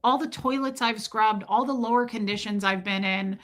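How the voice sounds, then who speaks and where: Woman streamer, frank confessional monologue, slightly high, bright tone. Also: normal speed. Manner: confessional, emotional, rambling with restarts. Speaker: livestreamer. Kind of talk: candid personal monologue.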